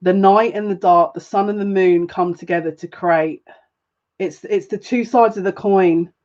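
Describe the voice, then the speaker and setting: Woman tarot reader on a live stream, mid-pitched, gushing and easily moved, slightly muffled lo-fi audio. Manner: excitable, quick restarts. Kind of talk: live-streamed tarot reading, chatting with viewers.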